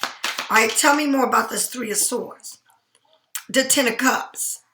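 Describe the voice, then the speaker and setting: A woman's voice: fairly high pitch, unhurried, roomy sound, background noise. A woman giving a casual tarot reading, emphatic and chatty, often checking in with "right?". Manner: chatty, emphatic, keeps asking "right?" and "all right?". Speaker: tarot card reader.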